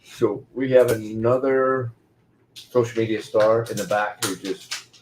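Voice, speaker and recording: Low-voiced man giving joking toasts. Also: steady tone, unhurried, background noise. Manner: joking, gives rhyming toasts. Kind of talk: casual chat and toasts.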